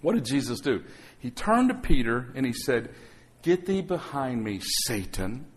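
A man's voice: mid-range voice, very animated, moderate pace. A man pastor preaching a sermon to his congregation, calling out for amens and acting out quotes. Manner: calls for amens, acts out quotes. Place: church sanctuary.

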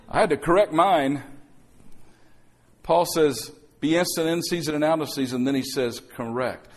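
A man's voice: a little high, moderate pace. A man pastor preaching a sermon to his congregation, calling out for amens and acting out quotes. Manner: calls for amens, acts out quotes. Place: church sanctuary.

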